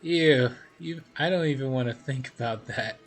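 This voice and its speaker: A man's voice: medium pitch, normal speed, soft background music. A man streaming a video game, reading its text aloud with laughing asides.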